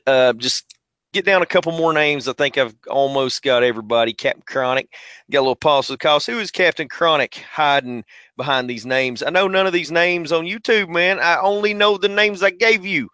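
On a casual livestream podcast, a man with a Southern US accent chats through a headset at normal speed, his voice on the high side. He's slangy and easygoing, shouting out names from chat, with no room sound.

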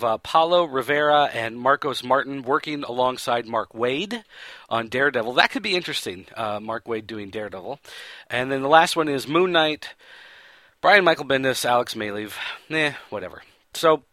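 A man hosting a pop-culture show talks through a casual, rambling recap, leaning on fillers and correcting himself as he goes. His voice is bright and forceful, set at a middle pitch for a man. The recording is dry, with no room around him. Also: dry recording. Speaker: podcast host.

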